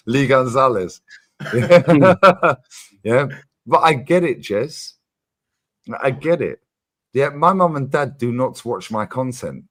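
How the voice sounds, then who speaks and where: A man hosting a casual livestream chat, animated and emphatic, swearing freely and repeating his points. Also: medium pitch, very slow, long pauses. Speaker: streamer host.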